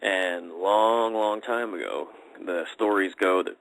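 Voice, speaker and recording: A man's voice: low voice, slow pace, a bit bright, low-quality recording. A man telling a personal story in a casual, rambling podcast chat, full of fillers and restarts. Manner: rambling, conversational, many fillers.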